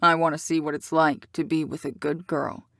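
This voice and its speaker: A woman's voice: deep voice, level tone, moderate pace, a bit bright, no echo, studio quality. A woman voicing a cocky teasing bad boy. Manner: teasing, smooth, full of innuendo. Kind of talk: audiobook character reading.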